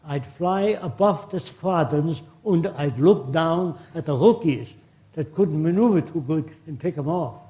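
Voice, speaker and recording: A man's voice: on the high side, expressive, a little slow, mellow. A man quoting an older German fighter ace in a German accent, matter-of-fact and bragging. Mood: boastful.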